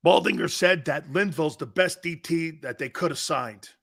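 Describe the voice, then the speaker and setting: A middle-aged man hosts a sports talk show in a loose, joking way. His voice sits a touch higher than most men's. He laughs often, trails off and restarts his sentences as he banters with his crew. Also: normal speed, gravelly, a bit bright.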